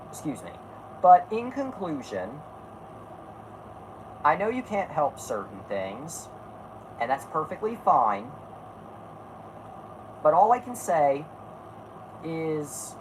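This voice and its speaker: Woman, podcast host, casual chat, low and lively voice, blunt, rambling, swears often. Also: slight background noise, rough recording. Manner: blunt, rambling, self-correcting, swears freely.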